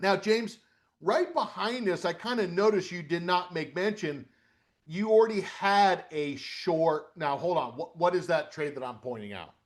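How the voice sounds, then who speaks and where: A middle-aged man teaching a live trading webinar, animated, asking questions aloud and checking in with "okay?" as he goes. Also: sits high, moderate pace. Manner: animated, repeats "okay?" and asks questions out loud. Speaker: trading coach.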